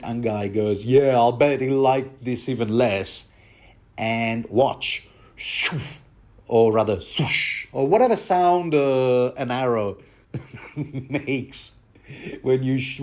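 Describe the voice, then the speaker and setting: A man's voice: medium pitch, darkish tone. Rambling self-mocking man. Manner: chatty, self-mocking, many fillers. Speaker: book commentator. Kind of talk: rambling casual commentary.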